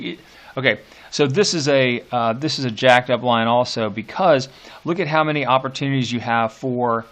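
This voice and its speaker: A man teaching a poetry lesson, unhurried and hesitant, full of fillers, reading verse lines slowly and deliberately. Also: mid-range voice, fairly bright tone. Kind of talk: classroom lecture on poetry.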